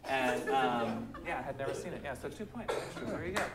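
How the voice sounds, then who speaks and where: A man from Oregon hosting a live improv comedy show, animated and jokey with the audience. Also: mid-range voice, a little fast, roomy sound, over loud music. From Oregon, USA. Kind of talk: live stage emceeing. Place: comedy theater stage.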